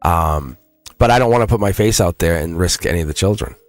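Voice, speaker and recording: A man's voice: low-pitched, lively intonation, fairly quick, soft background music. A man with a Boston accent giving a casual, rambling livestream tarot reading, restarting phrases and chuckling. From England.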